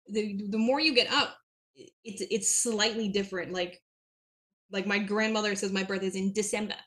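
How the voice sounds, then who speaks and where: A woman's voice: medium pitch, steady tone, normal speed, fairly bright tone. Chatty woman from New Hampshire. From southern New Hampshire. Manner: chatty, laughs often, many fillers. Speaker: interview guest. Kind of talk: casual interview chat.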